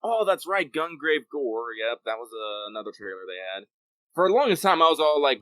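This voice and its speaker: A man's voice: mid-range voice, big pitch swings, brisk, sharp tone, dry recording. A man co-hosting a podcast, chatting casually and rambling about games with lots of fillers and swearing, on a desk microphone. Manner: rambling, profane, many fillers. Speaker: podcast co-host. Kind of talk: casual gaming chat.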